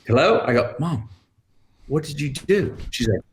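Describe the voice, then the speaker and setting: A man's voice: mid-range voice, normal speed, a little hiss or hum. A man in his fifties tells stories as a podcast guest. His voice rises and falls a great deal as he quotes people and laughs through his lines. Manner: animated storyteller, acts out quoted voices, laughs often. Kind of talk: storytelling in a podcast interview.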